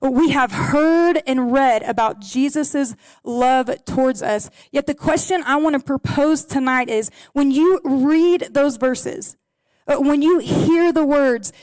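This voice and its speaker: A woman preaching a sermon to a gathered congregation, earnest and story-driven, praying softly between readings. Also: high-pitched, no echo. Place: in a room with a gathered audience.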